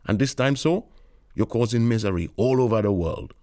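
A man's voice: mid-range voice, lively intonation, normal speed, mellow, dry recording, studio quality, natural voice. A man voicing a brooding young man in London, speaking with a plaintive, lamenting manner.

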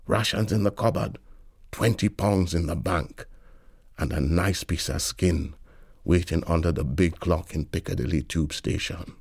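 A man's voice: low voice, vocal fry, a little mellow, no room sound, studio quality. A man reading literary fiction aloud in a wry, lilting storytelling manner. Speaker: narrator.

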